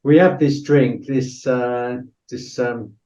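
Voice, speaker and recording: A man's voice: mid-range voice, fairly even intonation, slow, mellow. A middle-aged man, a former soldier telling a story as a podcast guest, blunt and swearing freely, full of "you know" fillers. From Britain. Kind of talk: casual storytelling interview. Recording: roomy, distant, dull-sounding mic.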